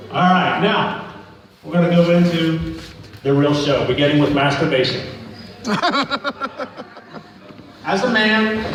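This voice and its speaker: On stage at a live show, a man whose voice sits on the high side and sounds a bit bright delivers a rambling, profane stand-up story to the crowd. The event hall echoes, and the mic is far off.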